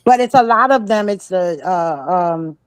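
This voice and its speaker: A woman's voice: fairly low pitch, expressive, measured pace, no room sound, faint music behind, poor audio. A woman co-hosting a casual talk show, chatty and laughing as she tells stories and quotes others. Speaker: co-host. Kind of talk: casual commentary chat.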